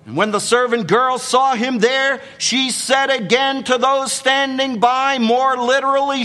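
A man's voice: extremely high pitch, unhurried, hardly any pauses, bright, forceful tone, long reverb tail. An older man preaching a sermon, dramatically acting out the quotes in the story.

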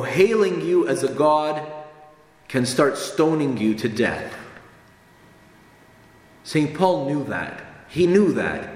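Earnest preacher man in an echoey hall. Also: medium pitch. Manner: earnest, emphatic, repeats phrases for stress. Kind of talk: sermon. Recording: echoey hall with long reverb, faint ambience.

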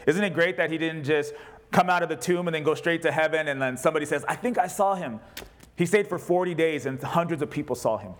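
A man preaching a sermon to a congregation, reading scripture aloud and mixing in jokes. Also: a little high. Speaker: pastor. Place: church service with congregation.

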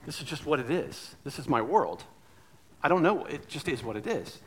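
A man's voice: a little high, big pitch swings, moderate pace, slightly rough, low-quality recording. A man voicing a confused little fish in a bowl, answering in a puzzled, shrugging way. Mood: bewildered.

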